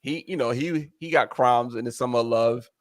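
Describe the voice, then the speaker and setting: A man co-hosting a casual chat, telling stories in an expressive, slangy way. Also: medium pitch, moderate pace, no echo.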